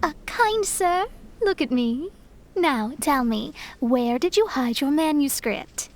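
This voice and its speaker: A woman's voice: high-pitched, lively intonation, slow pace, exaggerated voice. A woman voicing a theatrical young girl who speaks in dramatic, formal phrases, in a game. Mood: haughty.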